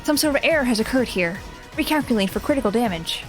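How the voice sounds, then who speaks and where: A young woman streaming a video game live, reacting out loud with giggles and emotional comments. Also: on the high side, lively intonation, quick pace. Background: faint game music.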